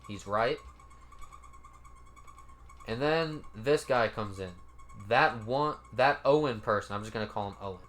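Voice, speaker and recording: A man's voice: mid-range voice, unhurried, pauses often, a bit bright, slight background noise. A man giving casual, laid-back commentary as he reads out comments, cursing now and then and sounding mildly incredulous. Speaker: commentary YouTuber.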